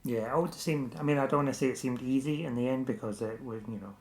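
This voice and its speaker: A man co-hosting a podcast in casual chat, trading quick jokes. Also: medium pitch, roomy sound, a crowd in the background. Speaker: podcast co-host.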